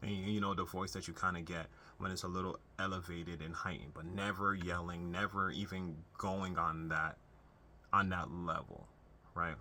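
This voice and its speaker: A man's voice: low voice, flat delivery, moderate pace, pushed and bright, slight background noise. A young man talking earnestly to camera, giving unscripted advice on family relationships in a conversational way with frequent restarts. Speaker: self-help video host.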